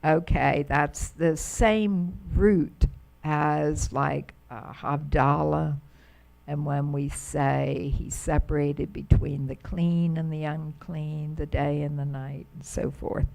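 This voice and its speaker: A woman's voice: low-pitched, steady tone, vocal fry, darkish tone. A middle-aged woman teaching Hebrew grammar to a class, pronouncing words patiently and drawing them out. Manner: patient, drawn-out pronunciation of words. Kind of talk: slow, careful classroom explanation.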